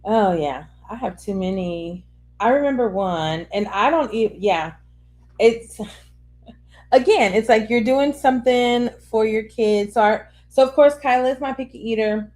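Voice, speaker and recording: A woman in her thirties co-hosting a podcast, telling stories in an animated, laughing way. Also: a little high, measured pace. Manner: animated storyteller, laughs through her words. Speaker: podcast co-host. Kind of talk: casual podcast chat.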